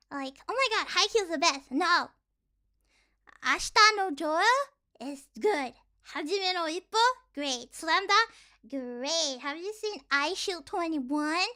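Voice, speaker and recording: A young woman streaming casually, rambling with lots of fillers and sometimes dropping into sighs and soft whispers. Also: sits high, takes it slowly. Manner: rambling, filler-heavy, animated ranting; drops to sighs and soft whispers between points. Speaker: vtuber streamer.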